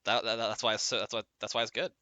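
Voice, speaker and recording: A man's voice: fairly low pitch, level tone, fast, pushed and bright, dry recording. A young man narrating casually as dungeon master, who laughs often and trails off and restarts his sentences. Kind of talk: casual tabletop game narration.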